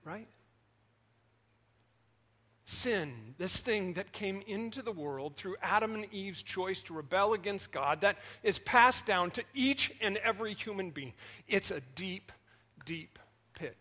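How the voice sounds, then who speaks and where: A man, the senior pastor, preaching a sermon with animated storytelling that swings between loud and soft. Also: sits high, takes it slowly.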